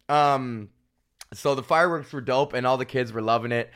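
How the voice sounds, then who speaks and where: A man's voice: medium pitch, moderate pace. A man hosting a podcast, telling a story in a loose, profane rant and laughing often. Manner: animated, laughs often, swears freely. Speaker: podcast host and comedian.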